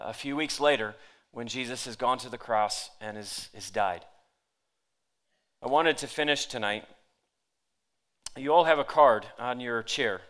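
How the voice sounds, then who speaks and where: A man's voice: medium pitch, fairly bright tone. A man preaching a sermon to a seated congregation, reading scripture aloud with dramatic emphasis. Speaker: pastor. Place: church hall with audience.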